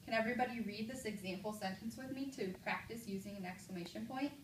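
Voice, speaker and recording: A woman teacher giving a classroom mini lesson, with clear, encouraging prompts and slow, exaggerated example sentences. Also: mid-range voice. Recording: echoey room from a distance, light noise.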